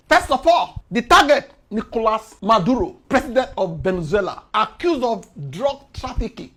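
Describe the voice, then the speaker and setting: A woman with a Nigerian Pidgin English accent, talking through the news in a casual, animated explainer, her voice swinging between loud and soft. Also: lowish voice, husky. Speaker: commentator.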